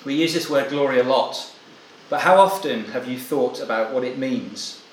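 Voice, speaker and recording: A preacher, a man delivering a sermon to his congregation in an echoey hall. His voice sits at an ordinary middle pitch, and he speaks in an earnest, measured way that sometimes stalls and restarts. A faint ambient hum hangs behind him. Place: church meeting hall.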